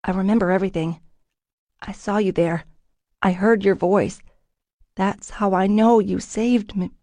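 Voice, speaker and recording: A woman voicing a headstrong young woman fighter who talks forcefully and raises her voice, in an audiobook. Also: mid-range voice, fairly even intonation, measured pace, dry recording, natural voice. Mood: pleading.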